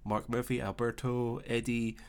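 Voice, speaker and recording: A young man with a Scottish accent hosting a casual live stream, chatting easily and reading out viewer comments with relaxed filler pauses. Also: mid-range voice, clean tone. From Scotland. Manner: chatty and easygoing, thinking aloud with filler pauses.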